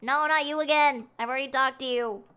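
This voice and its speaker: A woman streaming a mystery game, chatting excitably and thinking out loud as she investigates. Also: high voice, fairly quick, smooth. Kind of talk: live game commentary.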